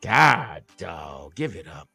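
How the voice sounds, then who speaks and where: A man's voice: low-pitched, sing-song, takes it slowly, creaky, over loud music. A man hosting a casual sports podcast as a former player, ranting in a heated, emphatic, fired-up way.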